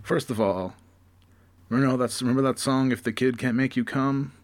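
A man's voice: mid-range voice, fairly even intonation, fairly quick, no echo, voice pushed up, natural voice. A man putting on a boastful, chatty older funk singer in a comedy bit. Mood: chummy.

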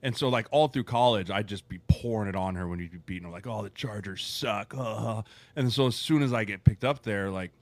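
A man's voice: lowish voice, a little fast, no room sound. A man from Denver, a former player turned agent, chatting casually on a podcast and often tagging his points with "right?". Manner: conversational, says "right?" and "like" often. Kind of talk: casual chat.

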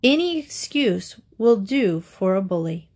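A woman storyteller reading short fables aloud in a measured, deliberate way. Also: mid-range voice, very animated, darkish tone.

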